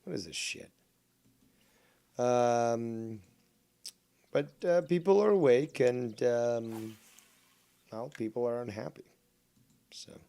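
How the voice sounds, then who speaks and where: A man's voice: mid-range voice, slow, vocal fry, long pauses, mellow. A man chatting casually on a live stream while playing a fishing game, rambling, sarcastic and profane.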